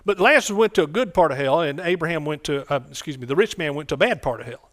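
A man's voice: fairly high pitch, expressive, fast. A man preaching a sermon in a conversational way, often repeating phrases and asking the congregation questions.

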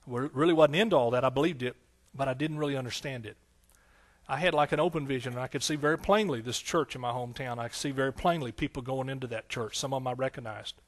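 A middle-aged man preaching as a pastor shares an emotional testimony, alternating between hushed tears and loud exclamations. His voice is mid-range and his pace quick.

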